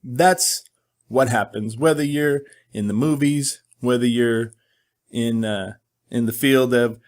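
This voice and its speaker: Middle-aged male host, casual monologue, candid and joking, mid pitch. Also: slow. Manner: candid, joking, animated storytelling.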